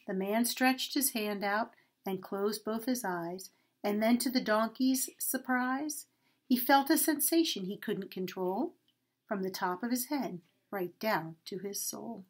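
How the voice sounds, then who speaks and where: A woman reading a rhyming story aloud to children at a church, expressive and sing-song. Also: medium pitch, measured pace.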